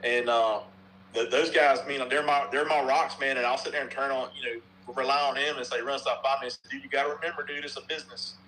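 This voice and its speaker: Middle-aged man from North Carolina, bright tone, rambling podcast talker with a faint hum behind. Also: medium pitch, steady tone, fairly quick, poor audio. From North Carolina, USA. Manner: rambling, repeats himself, swears casually. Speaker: softball bat reviewer and podcast guest. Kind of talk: casual podcast chat.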